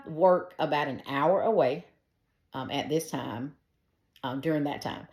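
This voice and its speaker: A middle-aged woman with a low, deep voice shares her faith testimony in a casual, earnest way, talking directly to her listeners. She sounds like she is in an echoey room. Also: steady tone, a little slow, a little mellow. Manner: earnest and conversational, talks straight to her listeners.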